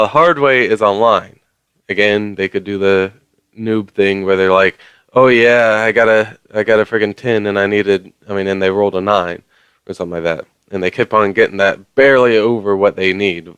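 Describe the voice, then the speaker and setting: Ranting conversationally to camera, a vlogger wanders along with plenty of fillers and mild swearing. His voice sits on the low side and is smooth and fairly bright, with no room sound.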